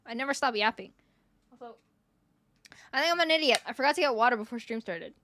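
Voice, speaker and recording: A woman's voice: on the high side, expressive, a little fast, sharp tone, a little hiss or hum. A woman in her twenties chatting casually on a live stream into a desk mic, greeting viewers one by one, her voice a bit worn and giving out. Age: 20s. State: voice giving out, coughing.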